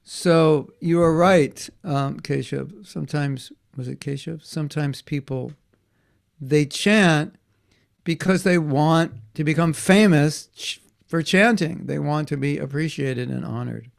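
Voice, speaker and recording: A man teaching a class for children, telling stories in an animated way and acting out the voices he quotes. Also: on the high side, a little slow, creaky.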